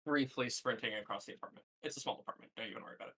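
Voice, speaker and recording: A man narrating as game master of a tabletop game over a voice call, relaxed and hesitant, with many fillers. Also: medium pitch, racing, slightly rough, poor audio.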